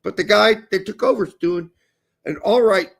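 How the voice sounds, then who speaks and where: A man's voice: high-pitched, moderate pace, creaky. A man co-hosting a casual soccer podcast, blunt and crude, talking emphatically. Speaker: podcast co-host.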